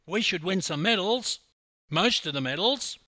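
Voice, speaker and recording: A man's voice: high voice, expressive, measured pace, bright, forceful tone, no room sound, pitched above the performer's own voice, exaggerated voice. Older man voicing a brash Australian joker, Australian accent, raised voice, boastful, cheeky, dry recording. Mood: cocky. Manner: cocky, boastful, teasing. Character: brash joking Australian man, loud show-off.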